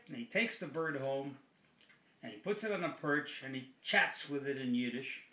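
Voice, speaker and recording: Bright-voiced man telling a joke. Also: mid-range voice, animated, normal speed. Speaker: joke teller. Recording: echoey room.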